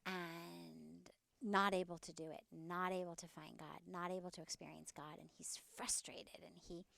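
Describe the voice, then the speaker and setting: Gravelly-voiced woman telling a parable. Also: fairly low pitch, no room sound. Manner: warm, earnest storyteller. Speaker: spiritual teacher, guest. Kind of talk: casual interview talk and storytelling. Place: outdoors.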